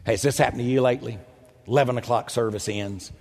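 An older man preaching a storytelling sermon, animated and self-mocking, with a husky voice. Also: quick pace, a little hiss or hum. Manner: animated, self-mocking, jumps into loud high quoted voices. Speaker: pastor. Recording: echoey hall.

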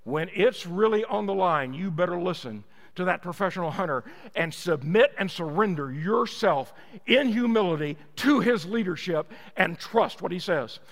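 Emphatic preacher guy, pretty high voice, big reverby hall. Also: normal speed. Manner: energetic, emphatic storyteller. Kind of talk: storytelling sermon.

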